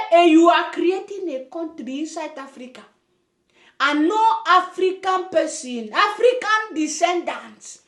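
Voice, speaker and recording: A woman giving animated, emphatic commentary to camera as a vlog host, ranting with slangy asides. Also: sits high, roomy sound. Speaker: vlogger host.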